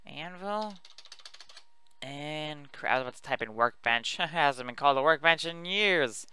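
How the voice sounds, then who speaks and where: Chatty let's play guy, super clear smooth voice, rambles and jokes at himself. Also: fairly high pitch, expressive, unhurried, bright, forceful tone, dry recording. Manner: rambling, chatty, self-mocking. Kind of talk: casual gameplay commentary.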